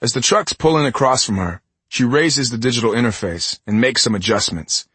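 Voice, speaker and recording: Husky male audiobook narrator. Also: mid-range voice, fairly quick, dry recording. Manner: expressive, voices every character. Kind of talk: first-person scripted narration.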